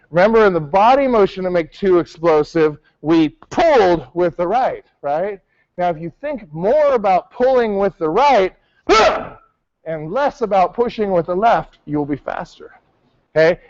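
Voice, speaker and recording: A man teaching a martial arts class, calling out counts and correcting his students as he goes. His voice sits high, and the recording is dry and a little muffled. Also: dry recording. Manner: barks counts, coaching and correcting.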